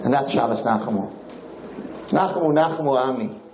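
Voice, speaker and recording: A man lecturing on Torah, telling a parable in an animated, repetitive storytelling manner. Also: medium pitch, brisk, roomy sound, slight background noise, low-quality recording. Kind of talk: sermon storytelling.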